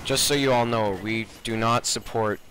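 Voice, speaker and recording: A man's voice: mid-range voice, steady tone, normal speed, fairly bright tone, a little hiss or hum, rough recording. A young man from Boston with a Boston accent, chatting casually and teasing while he plays and records a game. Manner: joking, teasing banter. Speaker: gamer recording his channel. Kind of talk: casual gameplay chat.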